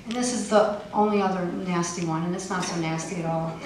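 A woman's voice: lowish voice, fairly quick, noisy background. Woman reading poems in a very echoey room. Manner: wry, pointed delivery with casual asides. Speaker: poet. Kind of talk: live poetry reading. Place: poetry festival venue. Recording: echoey room, mic far off, faint ambience.

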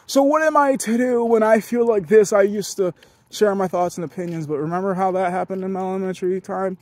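A man's voice: high-pitched, a little fast, a little mellow, no room sound. A young man rambling through a casual podcast monologue, profane and often laughing. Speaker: podcast host.

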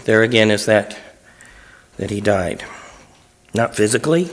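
A man's voice: lowish voice, lively intonation, measured pace, pauses often, slightly rough. A man, a pastor in church, teaching through a Bible passage verse by verse, reading each verse aloud and explaining it phrase by phrase in plain, conversational words.

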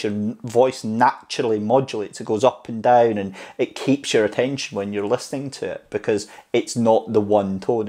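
A man's voice: on the low side, fairly even intonation, darkish tone. Chatty man giving on-camera tips. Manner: chatty and encouraging, speeds up and slows down for emphasis. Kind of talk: casual advice vlog. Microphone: clip-on mic on camera tripod.

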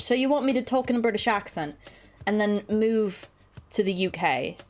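A woman streamer chatting casually and rambling in a joking, self-deprecating way, close to her microphone at home. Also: medium pitch. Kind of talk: casual gaming stream chat. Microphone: close desk microphone.

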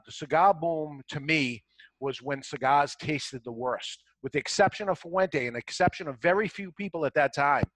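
A man's voice: a little high, a bit bright, no echo. A man who runs a cigar shop, talking earnestly and reflectively as a guest on a talk show, often restarting his sentences. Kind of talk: conversational interview answers.

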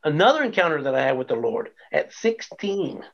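A man's voice: a little high, a little fast, vocal fry. A man telling his life testimony in an interview, acting out the voices in his story. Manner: animated storyteller acting out quoted dialogue. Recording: dull lo-fi sound.

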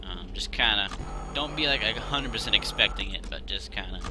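A young man giving excitable let's-play commentary on a horror game, yelping and shouting when startled. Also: fairly low pitch, brisk, over music. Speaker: gaming YouTuber.

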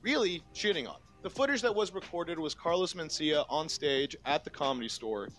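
A man narrating a comedy history video in a measured, explanatory way. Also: a little high, animated, fairly bright tone, soft background music. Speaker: comedy commentary YouTuber. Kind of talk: scripted reaction narration.

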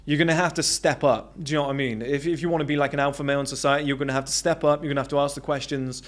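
A man's voice: fairly high pitch, steady tone, very fast. A British man delivers an off-the-cuff motivational monologue as a self-improvement coach. He is blunt and emphatic and swears freely. His voice sits a touch above the usual male range.

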